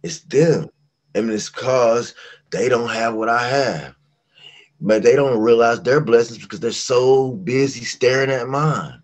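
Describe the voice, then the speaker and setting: Guesting on a casual interview, this middle-aged man from West Virginia, USA, a singer, tells stories in a mid-range voice at a measured pace. He's animated and performs the voices of the people he quotes.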